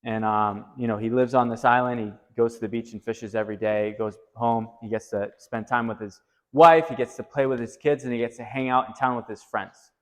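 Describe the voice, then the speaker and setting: A man leading a group talk at a retreat, telling a story in an animated way and lifting his voice when he quotes someone. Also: brisk, hardly any pauses, long reverb tail. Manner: animated, rising pitch when quoting. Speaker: retreat discussion leader. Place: retreat meeting room.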